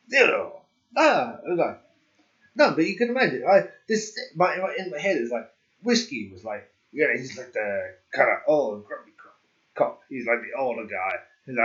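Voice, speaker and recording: A man's voice: medium pitch, very animated, unhurried, long pauses, a bit bright, lo-fi sound. A man streaming a game, chatting casually, rambling and joking and laughing at himself. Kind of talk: casual livestream chat.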